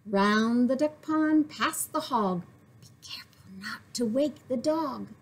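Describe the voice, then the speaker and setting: A woman voicing a small, brave female ladybug who warns the farm animals in a hushed, careful, step-by-step way. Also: a little high, slow, breathy edge, heavily acted. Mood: urgent.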